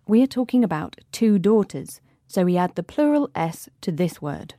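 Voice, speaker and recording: A woman's voice: on the low side, big pitch swings, moderate pace, few pauses, mellow, dry recording, studio quality. A young woman co-hosting a radio lesson, explaining grammar in a cheerful, playful way. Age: young adult. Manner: cheerful, playful banter with co-host. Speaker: co-host of a radio English vocabulary lesson. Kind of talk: scripted teaching presentation.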